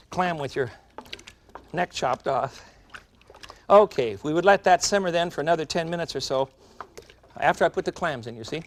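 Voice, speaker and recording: A man's voice: on the high side, noisy background. A man hosting a cooking show, demonstrating a recipe in a studio kitchen in a chatty, folksy way, talking straight to the viewers. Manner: chatty, folksy and animated, addressing viewers directly.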